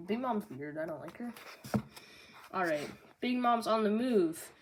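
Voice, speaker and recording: A bubbly young woman talks through a manga volume in casual chat, with lots of fillers and jokey asides. Her pitch sits in a middle range for a woman, and a steady hiss runs under the recording. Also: unhurried, pauses often. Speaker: manga review vlogger. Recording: noisy home recording.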